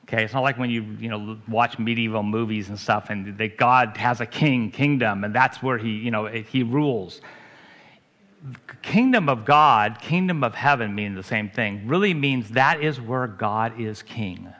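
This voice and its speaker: A man's voice: mid-range voice, normal speed, a bit bright. A man, a pastor, preaching a sermon in a conversational way, asking his congregation questions.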